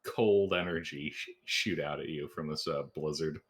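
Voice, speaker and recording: A man's voice: very deep voice, moderate pace. A man narrating as game master in a tabletop game, cracking puns and laughing at his own jokes.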